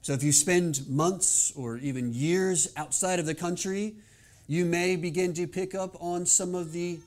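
A male pastor delivering a sermon, opening with a quiet prayer and then speaking in an earnest, measured way. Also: on the high side. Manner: earnest, measured preaching with soft prayerful passages.

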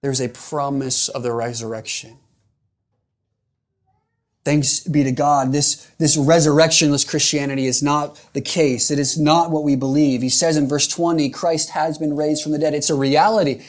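A man's voice: a little high, steady tone, moderate pace. A man preaching a sermon in an earnest, emphatic way, repeating phrases for rhetorical weight.

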